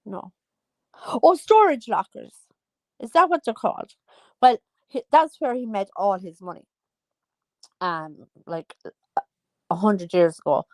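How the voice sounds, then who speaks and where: A woman rambles through a chatty solo talk, wandering off track and circling back. Her voice sits mid-range and she speaks slowly. The sound is close and dry. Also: mid-range voice, animated, dry recording. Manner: rambling, chatty, loses her train of thought. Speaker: vlogger. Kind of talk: casual monologue.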